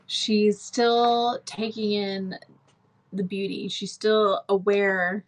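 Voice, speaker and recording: A woman reading a novel aloud to her viewers, breaking off for casual asides and sometimes restarting a word. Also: medium pitch. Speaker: book reader.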